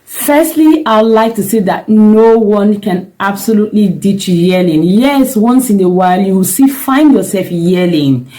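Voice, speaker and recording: A woman's voice: medium pitch, expressive, unhurried, warm tone, low-quality recording. A middle-aged woman, a parenting coach giving earnest, emphatic advice straight to camera and repeating her key points. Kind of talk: direct-to-camera advice talk.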